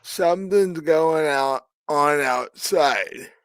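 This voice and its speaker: A man voicing a young woman who is agitated over a family emergency, talking in a hurried way. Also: on the high side, dry recording.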